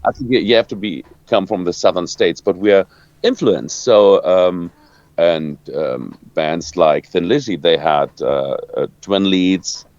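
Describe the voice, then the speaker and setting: A lower-pitched man with a German accent, talking through an interview in halting English and stopping often to hunt for the next word. The sound is dull and lo-fi, dry with no room around it. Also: a little mellow, no room sound. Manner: halting, searching for words, many restarts. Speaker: rock guitarist. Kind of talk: interview answers.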